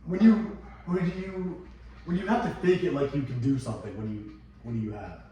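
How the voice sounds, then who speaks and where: A man's voice: medium pitch, fairly quick, dark tone, slight background noise. A man in casual chat with teammates, joking around and using slangy talk. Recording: echoey room, far from mic.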